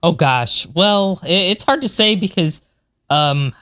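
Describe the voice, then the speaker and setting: A woman's voice: fairly low pitch, lively intonation, takes it slowly, fairly bright tone, dry recording, studio quality. A woman in her forties, a podcast co-host and space historian, talking in an enthusiastic, chatty way. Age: 40s. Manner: enthusiastic, chatty, laughs often. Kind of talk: casual chat.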